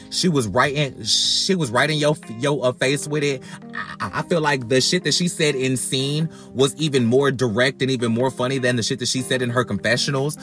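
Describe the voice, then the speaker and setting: A man hosting a podcast, ranting bluntly and profanely about reality TV in a casual, animated way, often repeating words as he goes. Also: medium pitch. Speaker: podcast host.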